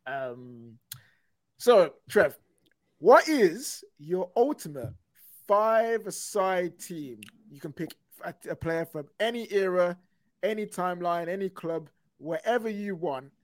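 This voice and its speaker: A man hosting a casual faith podcast, talking in quick excited bursts and speaking to viewers. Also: high-pitched, dry recording. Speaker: podcast host.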